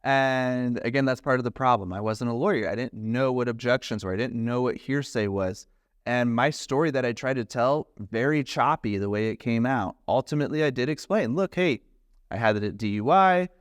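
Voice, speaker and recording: A man's voice: medium pitch, brisk, dry recording, studio quality. A man in his thirties, a criminal defense lawyer, telling a personal story in conversation and acting out the people in it. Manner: animated, acts out the other people in his story.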